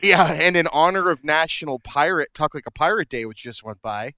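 A man's voice: a little high, animated, fairly quick, bright, forceful tone, clear, resonant tone. A middle-aged man co-hosting a podcast in casual chat, cracking dad jokes and laughing at them. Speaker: podcast co-host.

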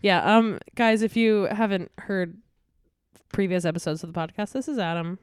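A young woman hosts a casual podcast chat, giggling often between lines. Her voice is smooth and clear, recorded dry and close with no room sound. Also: mid-range voice, moderate pace, dry recording. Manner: giggly, chatty, reads recipes casually. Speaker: podcast host.

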